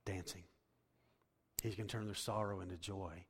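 A man's voice: sits low, fairly even intonation, normal speed, husky. Impassioned male preacher in a reverberant hall. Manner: impassioned preaching, swinging from loud emphasis to hushed tones. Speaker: pastor. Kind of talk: sermon.

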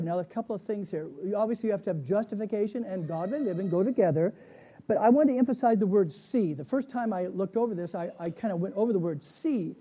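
Mellow-voiced pastor teaching a Bible class. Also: male voice, high voice, fast talker, highs cut off. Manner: conversational, asks the class questions.

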